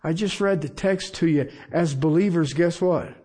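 A man's voice: on the high side, moderate pace, hardly any pauses, a little mellow, slightly rough. A middle-aged man preaching a sermon in a conversational way, with asides and rhetorical questions to the congregation. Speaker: pastor.

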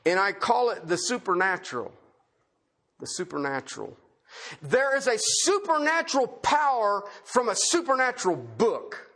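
Male preacher, high voice that swings widely, chatty sermon delivery with repeated phrases. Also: very animated, moderate pace, pushed and bright. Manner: conversational, rhetorical questions, repeats key phrases.

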